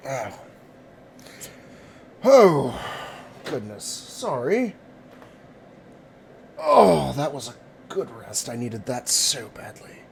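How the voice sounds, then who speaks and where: A man voicing a weary male adventurer who speaks politely and a little formally, in a slow, unhurried way. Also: medium pitch, big pitch swings, gravelly, slight background noise, heavily acted. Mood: relieved.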